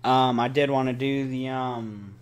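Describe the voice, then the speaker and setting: Excitable young man swearing through gameplay. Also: mid-range voice, measured pace. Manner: excitable, swears a lot, pleads and groans at the game. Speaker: gaming channel host. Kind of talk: live gameplay commentary.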